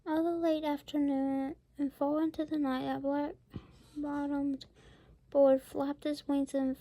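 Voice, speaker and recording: A woman's voice: high voice, flat delivery, slow, warm tone. A woman reading a rhyming picture book aloud, with whispered asides. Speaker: storybook reader.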